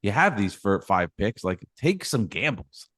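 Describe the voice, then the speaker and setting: A man's voice: on the low side, big pitch swings, a little slow, fairly bright tone, husky, no echo, studio quality. A man co-hosting a sports talk podcast, talking emphatically and ranting about his team's fans. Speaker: podcast co-host.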